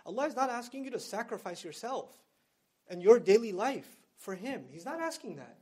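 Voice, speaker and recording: High-voiced man giving a casual lecture. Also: big pitch swings, moderate pace, warm tone, husky. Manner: conversational, explains terms in plain slang. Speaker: Islamic lecturer. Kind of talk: lecture to college students.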